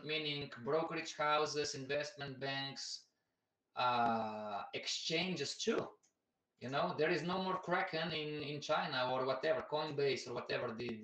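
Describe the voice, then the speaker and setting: A man's voice: on the high side, fairly bright tone, echoey room, recorded from a distance, rough recording. A man hosting a casual live stream about investing, chatty and repetitive, who keeps calling out to everybody watching.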